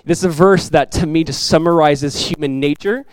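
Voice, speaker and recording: A man's voice: on the high side, normal speed, smooth, dry recording, rough recording. Conversational preacher, a man. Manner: conversational, animated storytelling with asides. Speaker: pastor. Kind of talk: sermon.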